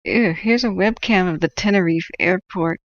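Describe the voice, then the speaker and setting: A woman's voice: on the low side, moderate pace, no echo, dull audio. A woman from northern California hosting a livestream, telling rambling stories with frequent laughs. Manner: rambling storyteller, laughs often. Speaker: livestream host. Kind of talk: casual chat while tracking wildfires.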